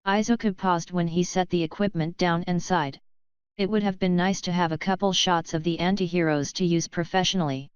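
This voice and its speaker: A woman narrating a fan fiction audiobook in a calm, even storytelling manner. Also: lowish voice, fairly quick, clear, resonant tone, dry recording. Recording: slightly dull, dry close-mic recording.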